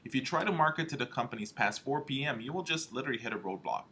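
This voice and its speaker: Guy running a marketing training, emphatic, keeps going "all right? okay?", sharp bright tone. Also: mid-range voice, lively intonation, fast, breathy edge. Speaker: home health marketing trainer. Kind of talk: motivational training talk.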